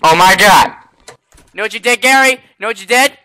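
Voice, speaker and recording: Lively high-voiced teen boy gamer. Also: brisk. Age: teens. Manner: animated, bursts into shouting. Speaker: gamer playing a restaurant worker. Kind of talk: playful game role-play.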